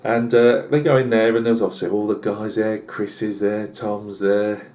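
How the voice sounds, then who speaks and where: Chatty British bloke spinning a yarn. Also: male voice, lowish voice, little pitch movement, moderate pace, darkish tone. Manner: chatty, lots of asides and fillers. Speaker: channel host. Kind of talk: rambling comic tall tale.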